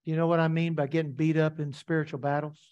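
A man's voice: a little high, flat delivery, fast, darkish tone, muffled recording. A man preaching a sermon as pastor, emphatic and repetitive, asking the congregation rhetorical questions.

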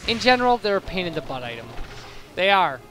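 Faint game music plays behind a young man's rambling let's play commentary, which wanders off on tangents and gets corrected mid-sentence. He has a high-pitched, sharp voice, talks fast and is very animated, recorded through a boosted home microphone.

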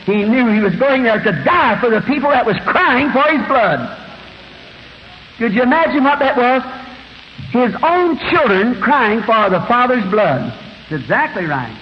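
A preacher in his fifties with a high, ringing voice, swinging between hushed storytelling and sudden shouts. The recording is dull and old, with a long reverb from the big hall and a faint hiss underneath. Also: animated, moderate pace. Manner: dramatic, swings from hushed to shouting while acting out Bible scenes. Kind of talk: fiery revival sermon. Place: large church auditorium.

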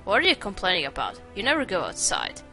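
A woman's voice: medium pitch, wildly swooping pitch, quick pace, pushed and bright, soft background music, full character voice. A woman reading the lines of a sarcastic young male tech expert from a game, in her own voice. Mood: snarky.

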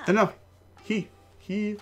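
A man's voice: sits high, level tone, takes it slowly, soft background music. A man casually commenting while playing a video game, rambling, swearing and laughing often. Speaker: let's play host.

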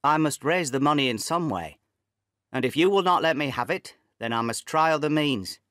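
A man's voice: on the high side, expressive, moderate pace, a bit bright, no room sound, clean studio sound. A man reading a desperate, proud young man. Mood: pleading. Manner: pleading, then defiant.

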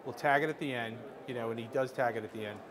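A middle-aged man telling a lively behind-the-scenes story to a workshop audience, acting out what people said, with frequent restarts. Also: mid-range voice, quick pace, background noise. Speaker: screenwriter speaking to a workshop audience. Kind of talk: animated storytelling anecdote.

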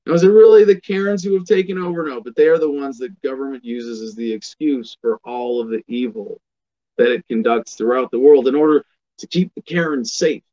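A man's voice: mid-range voice, fairly quick, dark tone, lo-fi sound. A man hosting a political commentary show, delivering a sardonic, emphatic monologue and reading passages aloud.

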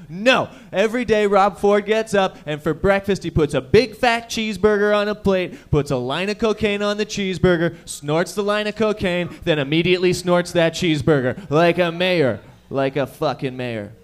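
A young man from the Toronto area hosting a stand-up set, firing off profane jokes at the crowd. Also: sits high. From Toronto area, Canada. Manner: profane, rapid-fire joking to the crowd. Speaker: stand-up comedian and host. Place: comedy lounge stage.

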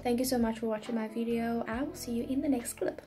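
A young woman vlogging casually while getting ready at home, chatty, and her voice turns animated now and then. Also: a little high, quick pace, hardly any pauses, faint music behind. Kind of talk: casual get-ready-with-me chat.

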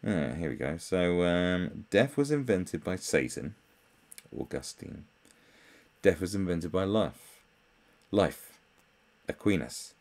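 A man's voice: animated, takes it slowly, darkish tone. A British man doing sarcastic commentary on memes, mocking and swearing freely. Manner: mocking, swears, jumps into high mock voices. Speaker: commentary host.

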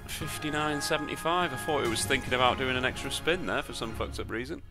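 A man's voice: mid-range voice, fast talker, over music. A man with a British accent giving sweary, sarcastic commentary on his own slot spins, muttering to himself between outbursts. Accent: British English. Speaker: slot streamer. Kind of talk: casual live slot commentary.

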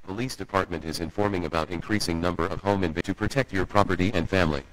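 A man's voice: low-pitched, fairly even intonation, fast, very noisy, natural voice. A man voicing a police department warning broadcast in a game, stiff and announcer-like.

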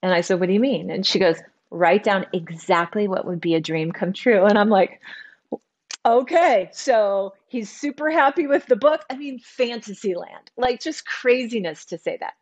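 An author appearing as an interview guest, a middle-aged woman, recounts a personal story at normal speed. Her pitch sits in an ordinary middle range, and she's animated, slipping into the voices of the people she quotes. The recording sounds muffled.

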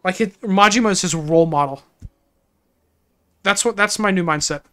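A woman's voice: lowish voice, normal speed, a bit bright. Giggly, rambling woman streamer. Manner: giggly, rambling, easily flustered. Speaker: game streamer. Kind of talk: casual livestream chat.

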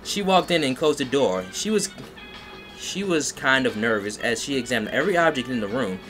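A man's voice: medium pitch, animated, brisk, fairly bright tone, low-quality recording. A man reading a fanfiction aloud on a live stream, mocking it and breaking off to comment and laugh. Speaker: fanfiction reader. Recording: music playing behind. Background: music.

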